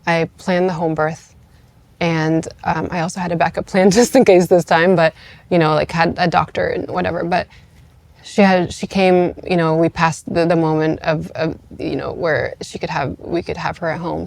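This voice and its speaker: A woman in her thirties, guesting on a podcast, tells a personal story casually and chattily, full of "like" fillers and acting out what others said, and she grows tearful at moments. Her voice is lowish and gravelly, on a dry recording.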